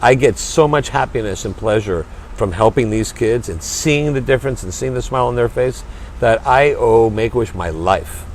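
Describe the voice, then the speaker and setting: A man's voice: medium pitch, normal speed, a little hiss or hum. Earnest man, emphatic, restarting sentences. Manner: earnest, emphatic, repeats words when starting sentences. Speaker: restaurant owner and charity chairman, guest. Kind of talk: passionate interview talk.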